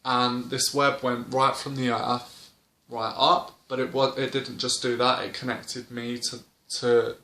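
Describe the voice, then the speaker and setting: A man's voice: medium pitch, level tone, measured pace, pushed and bright. Rambling man in a roomy room. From Britain. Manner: rambling, lots of fillers and restarts. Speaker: vlogger. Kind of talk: casual storytelling to camera. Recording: roomy indoor echo.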